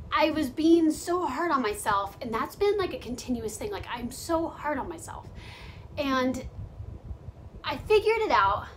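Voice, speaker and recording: A woman's voice: high-pitched, fairly bright tone, a little hiss or hum, poor audio. A young woman vlogging at home, chatting casually and confessionally, laughing often and filling her talk with "like". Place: home during quarantine.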